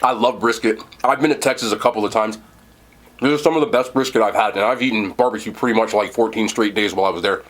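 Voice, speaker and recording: A young man from New Jersey eats and talks at once in a casual food-review vlog, full of enthusiasm. He speaks fast in a lowish, fairly bright voice.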